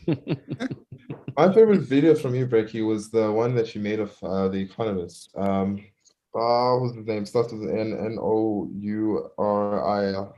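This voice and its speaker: A man's voice: on the low side, measured pace, dark tone, highs cut off. A man as a guest in a casual livestream chat, easygoing and polite.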